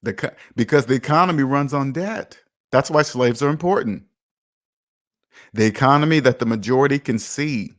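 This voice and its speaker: Hosting a personal finance channel's livestream, a man with a medium-pitched voice talks at a normal speed. He's casual, emphatic and preachy, lecturing his audience and reading viewer comments out loud.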